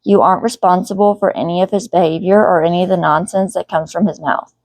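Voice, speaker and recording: A woman's voice: lowish voice, steady tone, fast talker, darkish tone, no echo, lightly acted. A woman voicing a blunt, protective teenage brother who speaks firmly.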